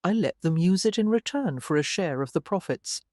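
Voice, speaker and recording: A narrator voicing a brisk male French tattoo artist with a liquid French accent, pitched above the usual reading voice. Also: expressive, darkish tone, dry recording, clean studio sound, close to an everyday voice. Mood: businesslike.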